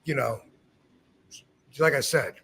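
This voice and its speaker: A man's voice: medium pitch, slow pace, a bit bright, breathy edge. A man casually telling a rambling, profane story, acting out the quotes. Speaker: podcast host telling a story.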